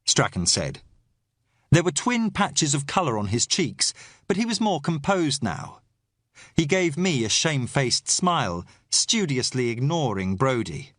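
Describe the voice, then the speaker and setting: Male audiobook reader, expressive, lively pitch, dry close sound. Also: measured pace, dry recording. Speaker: audiobook narrator. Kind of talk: first-person novel narration.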